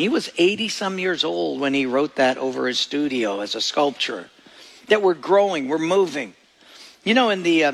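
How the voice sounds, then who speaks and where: A man's voice: fairly high pitch, gravelly, fairly bright tone. A male pastor preaching a sermon in a folksy, joking storytelling manner. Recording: echoey church hall.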